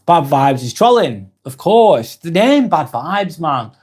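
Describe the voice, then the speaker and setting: A British man hosting a live stream, reading viewer comments aloud and answering them in a soft, sympathetic way with light laughs. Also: fairly high pitch, very animated, slow pace, husky.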